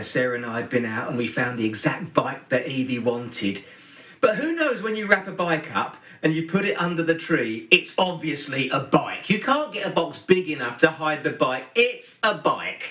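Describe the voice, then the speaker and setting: Preacher, male, middle-aged, bright lively delivery, storytelling sermon, roomy hall, mic at a distance. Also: on the high side. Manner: storytelling, emphatic swings between loud and hushed. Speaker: pastor. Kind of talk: Christmas sermon.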